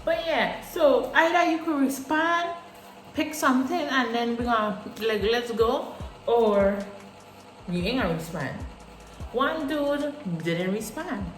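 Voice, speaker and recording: A young woman vlogger chatting casually while washing her hair, animated, laughing often and swearing freely. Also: fairly high pitch, measured pace. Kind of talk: casual chat. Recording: echoey room with faint music.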